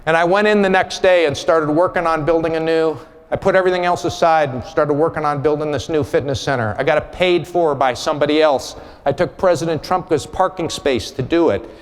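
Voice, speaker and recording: A man's voice: fairly high pitch, brisk, few pauses. Man speaking in a reverberant hall. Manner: candid, storytelling, blunt asides. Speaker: conference speaker. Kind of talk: keynote speech with personal story. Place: large conference hall.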